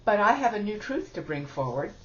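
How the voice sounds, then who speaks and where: A woman with a mid-range voice speaks briskly in a sing-song way. She gives a spiritual teaching talk in a chatty, self-deprecating style, laughing often, on what sounds like a dull lo-fi recording.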